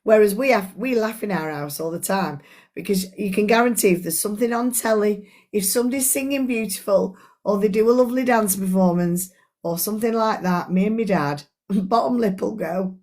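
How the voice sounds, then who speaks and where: A middle-aged woman talks through a book with her live audience in an earnest, chatty way. She speaks as a coach at a mid-range pitch for a woman, addressing listeners directly. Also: fairly quick, darkish tone. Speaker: life coach. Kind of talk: live-stream book club discussion.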